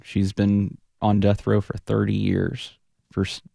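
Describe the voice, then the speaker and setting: A man's voice: on the low side, monotone, a little slow, creaky, warm tone, breathy edge, dry recording. A man who is a Buddhist teacher and punk rock frontman, talking earnestly in a radio studio interview, often restarting and trailing off as he searches for words. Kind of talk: reflective radio interview conversation.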